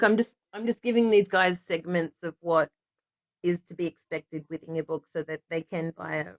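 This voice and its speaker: Reading aloud on a laid-back stream, this Australian host often breaks off to say sorry and begin again. She speaks at normal speed with a fairly low pitch and no echo, in dry, somewhat dull lo-fi audio.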